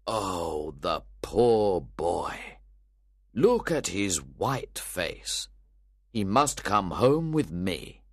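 A man voicing a kind elderly gentleman who speaks softly and tenderly in a storybook reading. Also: deep voice, sing-song, very slow, breathy edge, no room sound, clean studio sound, exaggerated voice. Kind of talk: storybook read-aloud.

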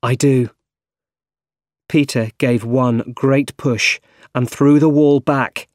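Male narrator, plain storybook read, mid-pitched, dry close sound. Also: steady tone, slow pace, dry recording.

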